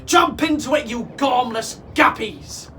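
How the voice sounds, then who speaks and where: A man voicing a greedy, rough male pirate captain who roars insults at his crew. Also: high voice, animated, slow pace, slight background noise. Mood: bellowing. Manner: roaring, insulting shouts. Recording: voice from some distance off.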